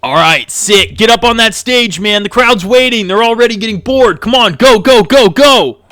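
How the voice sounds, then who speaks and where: Man playing a hurried stage boss, raised pitch, loud, keeps yelling go. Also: clean tone, dry recording, studio quality. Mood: urging.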